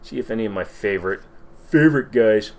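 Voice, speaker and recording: A man's voice: fairly low pitch, lively intonation, moderate pace. A man hosting a casual livestream Q&A, rambling and swearing as he reacts to viewer comments. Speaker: livestream host.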